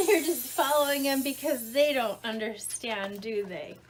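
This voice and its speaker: A woman reading a children's storybook aloud in an interactive read-along, animated, asking the listener questions and explaining words simply. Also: high-pitched, a little slow, noisy background.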